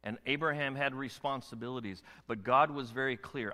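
Emphatic pastor in a reverberant sanctuary. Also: male voice, medium pitch, normal speed, hardly any pauses. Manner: animated, emphatic preaching with rhetorical questions. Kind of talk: sermon. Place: church sanctuary. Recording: long hall reverb.

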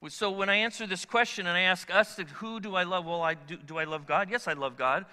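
A middle-aged pastor with a high-pitched, bright, forceful voice preaches briskly in a steady tone to his congregation in a church sanctuary. He keeps it conversational, joking with people in the pews, and the recording carries a long hall reverb.

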